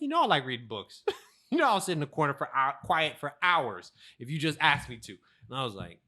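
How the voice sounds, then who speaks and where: Young male podcast co-host, slightly high, bright voice, animated storyteller. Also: moderate pace. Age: young adult. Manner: animated storyteller, laughs often. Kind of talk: casual chat.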